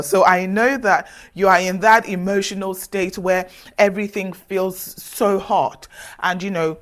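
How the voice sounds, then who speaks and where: A woman speaking straight to the listener as a self-development speaker, giving earnest, direct advice in a measured way with emphatic pauses. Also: fairly low pitch. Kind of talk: motivational advice talk to camera.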